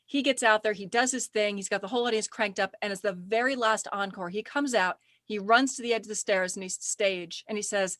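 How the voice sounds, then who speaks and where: A middle-aged woman chatting as a podcast guest, animated and quick to laugh while telling stories. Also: medium pitch, dry recording, studio quality. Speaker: podcast guest, speaker agent. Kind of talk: casual interview chat.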